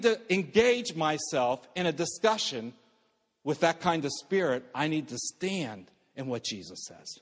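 Man, pastor, sermon, raised then hushed, reverberant hall. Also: high-pitched, expressive, normal speed. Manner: dynamic preaching, swings from raised to hushed.

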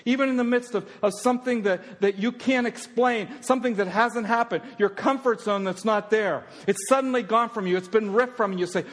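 A male pastor preaching a sermon, swinging from loud fervent passages to hushed, intimate ones. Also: high-pitched, moderate pace, few pauses, big-room sound.

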